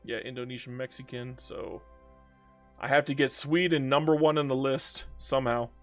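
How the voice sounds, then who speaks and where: A man's voice: medium pitch, fairly even intonation, moderate pace, faint music behind. A man giving casual live-stream commentary on a strategy game, chatty and swearing, talking back to the game and to chat.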